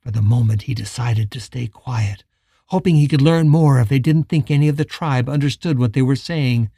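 A man reading a western novel chapter aloud as an audiobook narrator, measured and dramatic. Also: medium pitch, creaky, warm tone, slightly rough, no room sound, studio quality. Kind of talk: scripted narration.

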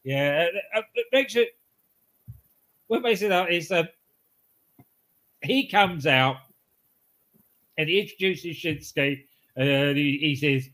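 A man with a slightly raised voice co-hosts a relaxed podcast chat. He winds through rambling anecdotes with restarts and chuckles at his own punchlines. His tone stays easygoing and conversational. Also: fairly high pitch, slow, pauses often. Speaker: podcast co-host. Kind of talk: casual wrestling podcast chat.

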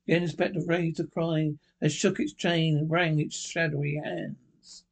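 Male narrator, amateur storybook read, slightly raised pitch, halting delivery. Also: little pitch movement, gravelly. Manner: halting, slips and restarts. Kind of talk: storybook reading.

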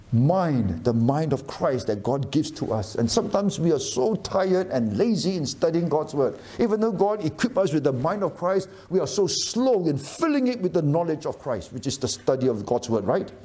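A man's voice: fairly high pitch, mellow. A middle-aged man preaching a sermon, emphatic and often asking the audience questions. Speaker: pastor.

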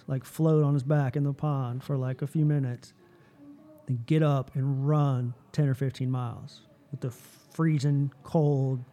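A man hosting a casual chat, telling a story with lively energy and lots of "like" and "you know". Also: mid-range voice. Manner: animated storytelling, heavy use of "like".

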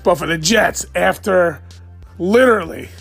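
Excited, profane man ranting late at night. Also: high voice, a little slow, vocal fry, husky, soft background music. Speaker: podcast host. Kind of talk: solo fan podcast rant.

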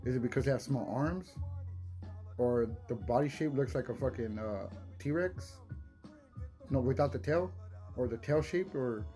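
A young man rambles through his podcast in a loose, unpolished way, swearing freely and chuckling between thoughts. His voice sits at an ordinary middle pitch, and faint music plays softly behind him. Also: a little slow, pauses often. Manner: rambling, swears a lot, laughs often, restarts words. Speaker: podcast host. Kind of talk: casual solo podcast chat.

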